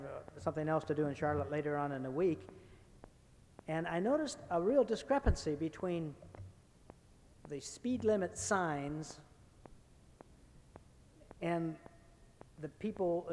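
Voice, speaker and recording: A man's voice: a little high, a little mellow, a little hiss or hum. A man preaching a sermon as a guest speaker, folksy and anecdotal, joking with the congregation before moving into Scripture. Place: church sanctuary. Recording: long church reverb.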